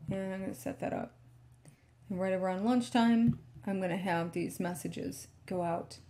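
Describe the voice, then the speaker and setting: A woman's voice: medium pitch, moderate pace. A woman tech vlogger casually walking through a screen recording, talking to herself as she works, sleepy and yawning. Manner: talks to herself while working, relaxed and chatty.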